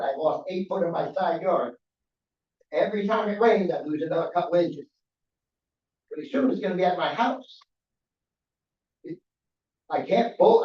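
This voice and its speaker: A middle-aged man giving public comment at a council meeting, aggrieved and pleading, repeating himself as he makes his complaint. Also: high-pitched. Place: council chamber. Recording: roomy, distant, dull chamber audio.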